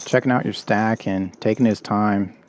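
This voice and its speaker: Low-voiced man calling poker hands. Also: steady tone, normal speed, a little mellow. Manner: playful, wry. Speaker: poker commentator. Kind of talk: play-by-play commentary.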